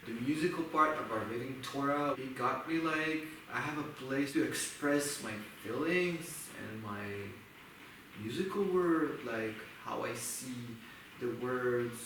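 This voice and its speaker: A young man with an Israeli accent, a musician telling stories of growing up in a loose, animated way. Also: medium pitch, measured pace. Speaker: musician sharing his story. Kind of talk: casual conversation. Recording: echoey room, from far off, faint noise.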